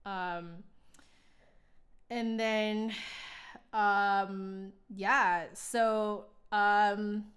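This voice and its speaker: Slow, chatty woman live-streamer. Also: mid-range voice, steady tone, a bit bright. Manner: explanatory, many fillers. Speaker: flutist hosting a live stream. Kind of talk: casual chat. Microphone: close mic, gain changed during talk.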